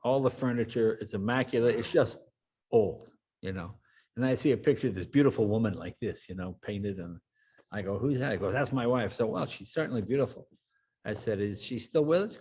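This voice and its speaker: A man's voice: medium pitch, brisk, husky. An older man, a guest in an interview, telling anecdotes and acting out the voices of the people in them. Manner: animated anecdote teller, acts out quoted voices. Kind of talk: storytelling interview.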